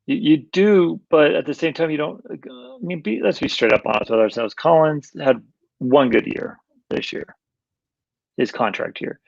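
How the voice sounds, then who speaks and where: A man's voice: fairly high pitch, moderate pace, creaky, no room sound. A man co-hosting a casual sports talk show, rambling and emphatic, repeating himself as he makes his points. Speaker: sports podcast co-host. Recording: dull, lo-fi dry sound.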